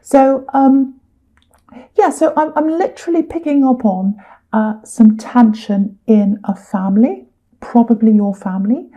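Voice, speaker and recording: A woman's voice: fairly high pitch, measured pace, warm tone, low-quality recording. A woman giving a chatty tarot reading, full of fillers and repeated words. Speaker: tarot reader.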